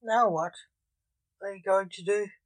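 A calm, teasing warlock, unbothered by his captors, as a storyteller reads him out. He talks slowly, in a dry, close voice. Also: medium pitch, no room sound, natural voice. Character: calm, sly male warlock prisoner.

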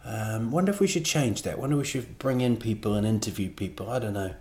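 A man with a fairly low voice hosts his own podcast, chatting alone in a loose, meandering way. He pokes fun at himself as he wanders off topic and back again. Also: fast talker, dark tone. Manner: rambling, self-deprecating, digressive. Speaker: comedian and podcast host. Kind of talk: casual solo podcast monologue.

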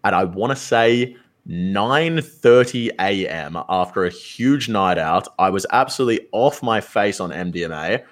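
A young man spins a story in a casual chat. His voice sits a little low, and he gets animated and swears freely as he acts out what people said. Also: unhurried. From Australia. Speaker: streamer.

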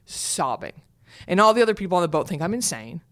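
A woman in her thirties chatting on a podcast as a guest, telling lively stories and swearing freely. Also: fairly low pitch, fast talker. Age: 30s. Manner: animated storyteller, swears freely. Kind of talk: casual chat.

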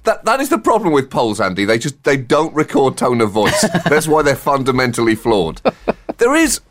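A man's voice: mid-range voice, sing-song, normal speed, a bit bright, a little hiss or hum. A man co-hosting a satirical comedy podcast, delivering sardonic riffs and chuckling at his own jokes.

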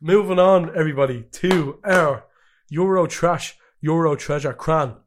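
A man's voice: fairly high pitch, unhurried, loud music behind the voice. A man co-hosting a football podcast, chatting casually and joking often. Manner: jokey, laughs often. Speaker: podcast co-host.

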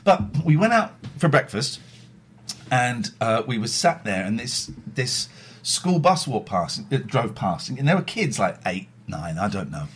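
A man's voice: medium pitch, big pitch swings, a little slow, husky. A middle-aged man hosting a casual livestream, telling rambling, self-mocking stories and swearing freely. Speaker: livestream host. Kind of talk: casual chat.

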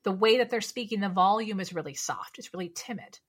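A woman speaking coach, a podcast guest, talking in a lively, casual way and firing off rhetorical questions. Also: medium pitch, a little fast, a little hiss or hum.

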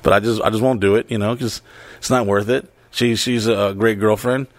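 A man's voice: fairly low pitch, steady tone, brisk, dry recording. A man telling a story in casual podcast chat, rambling, swearing freely and laughing as he goes.

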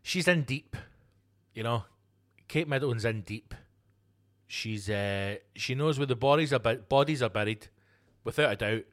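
Male podcast host, foul-mouthed rant, sarcastic, loud bursts then mumbled asides. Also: normal speed, long pauses. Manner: profane, sweary and sarcastic; swings from loud emphatic outbursts to low muttered asides. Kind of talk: ranting solo podcast monologue.

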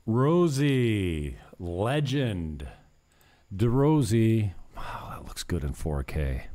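A man's voice: on the low side, very animated, drawn-out words, warm tone. A man chatting casually in a vlog, rambling and joking at himself, slipping in broken Spanish. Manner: rambling, self-mocking, drops in broken Spanish. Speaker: vlogger.

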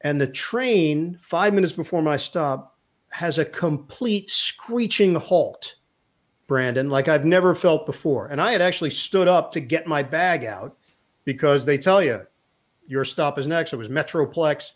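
Man, middle-aged, sports broadcaster, interview guest, animated storyteller, acts out quotes, slightly high pitch. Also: a little slow. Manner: lively anecdote teller who acts out quotes.

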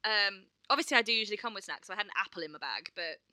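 Woman, English, bright voice, dry sound, casual chat, lively storytelling. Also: medium pitch, rapid-fire, no room sound. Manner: swearing, animated storytelling with acted quotes. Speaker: podcast co-host and performer.

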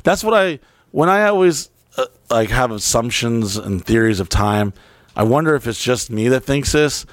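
A man's voice: medium pitch, expressive, normal speed, no room sound. A man hosting a podcast in casual chat before a live audience, blunt and swearing heavily as he muses. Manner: blunt, heavy swearing, musing. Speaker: podcast host.

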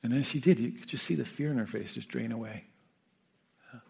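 A man, a meditation teacher who sat with the dying, gives an unhurried, reflective talk, often checking in with his listeners. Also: mid-range voice, vocal fry, slightly rough. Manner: gentle, unhurried, often asks "Yeah?" and "you know". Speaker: meditation teacher and hospice caregiver.

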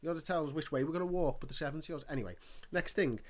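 Man, ranting storyteller, swears a lot, fairly high voice. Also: rapid-fire. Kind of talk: casual chat, storytelling.

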